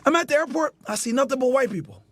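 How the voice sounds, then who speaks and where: A man in a played clip ranting in an agitated, shouting way, repeating himself. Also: extremely high pitch, quick pace. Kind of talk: heated rant in a clip.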